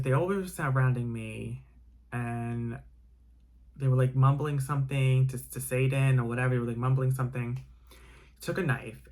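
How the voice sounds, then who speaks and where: A young man recounting a frightening personal story in an emotional storytime delivery. He strings his sentences together with constant "like" fillers and restarts, his pitch sitting mid-range. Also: a little mellow. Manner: emotional, heavy use of "like" fillers. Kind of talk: dramatic storytime retelling.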